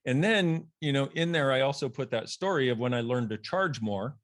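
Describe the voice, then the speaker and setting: A man, a guest author, telling a personal story in a podcast conversation in an animated way, laughing, swearing and acting out other people's voices. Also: moderate pace. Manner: animated, laughs, swears, acts out quoted voices with big pitch jumps.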